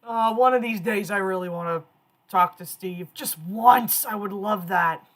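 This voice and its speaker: A woman in her thirties hosting a casual stream, telling stories in an animated, chatty way. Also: medium pitch, measured pace. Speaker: streamer host.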